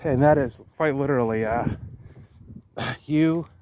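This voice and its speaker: A man in his thirties talks slowly through a self-taught lesson, stopping often to sigh and correct himself. His voice sits at an ordinary pitch for a man. He is outdoors in a green rural spot, and the open-air sounds around him come through clearly. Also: muffled recording. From United States. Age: 30s. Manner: halting, self-correcting, frequent sighs. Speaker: vlogger learning a language. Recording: outdoor recording with clear ambient noise.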